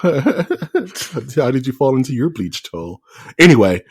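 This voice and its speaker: A man's voice: medium pitch, sing-song, fairly quick, a little mellow, slightly rough. A man co-hosting a podcast in loose, joking casual chat, with many restarts. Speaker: podcast co-host.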